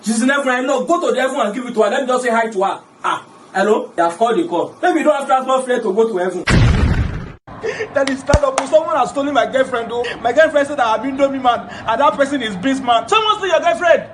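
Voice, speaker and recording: A man with a Nigerian accent playing a bossy, excitable elder called Baba in a comedy skit, loud and teasing, mixing Pidgin and Yoruba. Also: very high-pitched, fast, far from the mic, background noise. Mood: joking.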